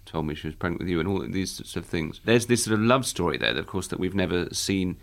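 A man's voice: sits low, animated, fast talker, gravelly. A man casually chatting as a podcast host, rambling enthusiastically with lots of fillers. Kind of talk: casual chat.

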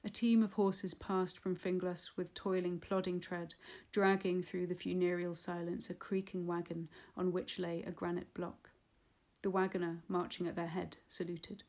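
A woman reads a literary novel aloud in a measured, unhurried audiobook style. Her voice sits a little low and stays level, with hardly any rise or fall. A gravelly fry runs under the words. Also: flat delivery, a little mellow. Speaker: audiobook reader.

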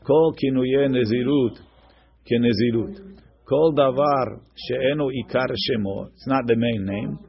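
A man's voice: medium pitch, unhurried, vocal fry, lo-fi sound. A man teaching a text-study class, reading each line aloud, then translating and explaining it with frequent restarts. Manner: repeats and restarts words while explaining. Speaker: Talmud teacher.

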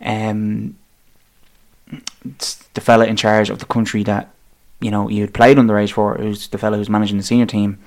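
A wry Irish man chats casually about football, drifting through his points with plenty of ums. His voice sits low and stays fairly level, without much rise and fall. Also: flat delivery, normal speed, a little mellow. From Ireland. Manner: wry, rambling, with many fillers.

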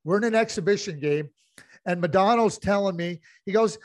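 Fairly high-voiced man analyzing hockey. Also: brisk, no echo, studio quality. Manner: analytical, many restarts and fillers. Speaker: podcast co-host, hockey analyst. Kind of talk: casual sports chat.

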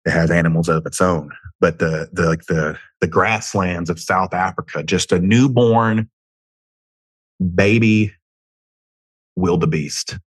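A little slow and fairly even in intonation, a very deep, husky American host with a light Southern twang rambles through a solo podcast from his home. He's profane, self-joking, and prone to tangents, and the close, dry recording has no room sound.

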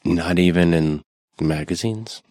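A man's voice: low-pitched, a little slow, a little mellow, dry recording, clean studio sound. A man co-hosting a podcast, chatting crudely and riffing with profanity. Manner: profane, riffing, acts out voices in quotes. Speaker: podcast co-host. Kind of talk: crude casual chat.

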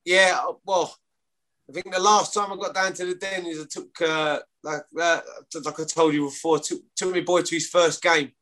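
A man's voice: a little high, level tone, moderate pace, pushed and bright. A man in his thirties with a London accent, a rugby player chatting casually as a guest, rambling with stumbling restarts and some swearing. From London, England. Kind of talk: casual chat.

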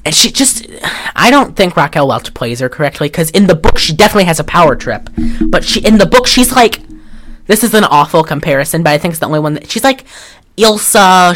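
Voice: medium pitch, fairly bright tone. Rambling, chatty podcast co-host. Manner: rambling, chatty, with many fillers and restarts. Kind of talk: casual chat recapping a film.

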